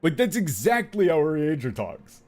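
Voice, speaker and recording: A man's voice: fairly high pitch, normal speed, soft background music. A man commentating casually while playing a game, rambling with fillers and swearing. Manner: animated, profane, rambling with many fillers. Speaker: gaming streamer.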